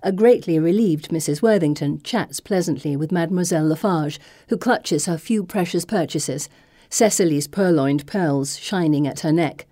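Mellow-voiced woman narrating an audiobook. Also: sits low, normal speed. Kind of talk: first-person audiobook narration.

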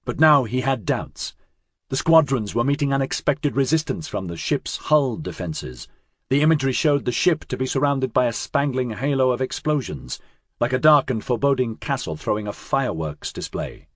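A man reading a science-fiction audiobook in a measured, dramatic narration. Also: medium pitch, big pitch swings, breathy edge, dry recording, clean studio sound.

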